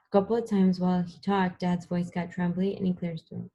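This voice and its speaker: A woman reads a first-person audiobook in a soft, unhurried voice. Her tone is low, mellow and a little husky, with a flat, even melody throughout. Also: rough recording. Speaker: audiobook narrator.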